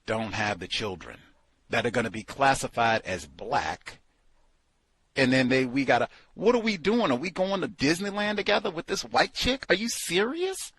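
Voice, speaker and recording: Male host, book club commentary, husky and lively, incredulous and sarcastic. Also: mid-range voice, moderate pace, no echo. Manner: animated, incredulous, sarcastic asides. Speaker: podcast host.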